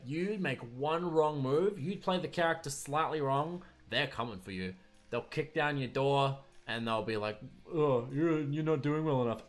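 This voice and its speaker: A young man around twenty, a streamer, ranting casually about pet peeves with sarcastic, exasperated asides. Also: mid-range voice. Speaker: streamer and video maker.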